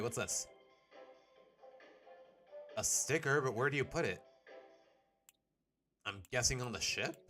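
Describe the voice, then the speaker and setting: A man's voice: medium pitch, fairly bright tone. A young man chatting casually while live-streaming a game, joking and reading game dialogue aloud.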